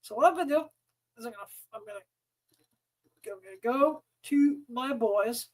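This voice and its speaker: High-voiced man ranting angrily. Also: normal speed, darkish tone, rough recording. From United States. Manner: angry, exasperated, swearing often. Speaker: podcast host. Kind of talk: profane ranting monologue.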